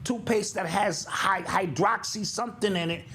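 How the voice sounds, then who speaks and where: Animated older man telling a story. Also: high voice, normal speed. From United States. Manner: animated storyteller, acts out sounds and quotes. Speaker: podcast co-host. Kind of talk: casual chat.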